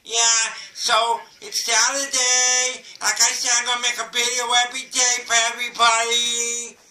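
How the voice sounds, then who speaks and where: A man's voice: extremely high pitch, monotone, moderate pace, pushed and bright, recorded from a distance, full character voice. A man doing a rambling childlike boy. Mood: chatty. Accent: Southern US, East Tennessee. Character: sweet simple-minded ten-year-old boy. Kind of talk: comedy skit monologue. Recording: roomy, away from mic.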